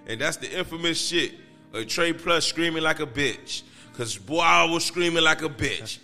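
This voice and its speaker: Animated high-voiced man telling a story. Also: moderate pace, long reverb tail, faint music behind. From Miami, Florida. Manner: loose, profane, animated street talk. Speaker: podcast guest. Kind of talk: casual storytelling.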